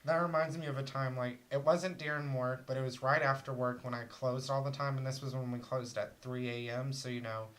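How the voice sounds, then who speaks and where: A woman's voice: very deep voice, fairly even intonation, brisk, few pauses. A woman co-hosting a podcast in casual chat, reacting bluntly and laughing along. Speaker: podcast co-host.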